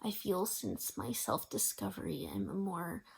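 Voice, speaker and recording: A young man putting on a soft, earnest young woman's voice while retelling a conversation in a casual vlog. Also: high voice, very animated, measured pace, creaky, breathy edge, exaggerated voice.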